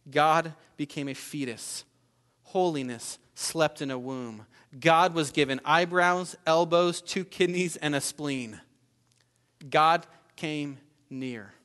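A male pastor delivers a sermon in a fairly high voice. He speaks with earnest emphasis, stopping to repeat words and restart his thoughts. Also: a bit bright.

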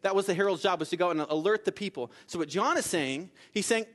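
A man's voice: high-pitched, fast talker, few pauses, fairly bright tone. A man preaching a sermon in a conversational way, with frequent asides like "right?" and "okay?", acting out the quoted lines. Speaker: pastor.

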